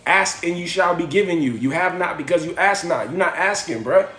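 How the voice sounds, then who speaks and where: Fast-talking high-voiced man preaching motivation. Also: sharp tone, echoey room. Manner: preachy, slangy, rhetorical, repeats phrases. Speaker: livestream host. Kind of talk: motivational livestream talk.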